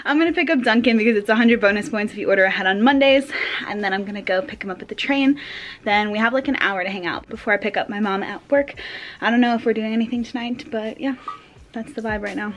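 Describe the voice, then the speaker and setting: Chatty breathy young woman vlogger. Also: on the high side, a bit bright, a little hiss or hum. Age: 20s. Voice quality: sounds a little out of breath when talking. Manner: chatty, rambling, frequent "like" fillers. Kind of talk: casual day-in-my-life vlog chat. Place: home kitchen indoors.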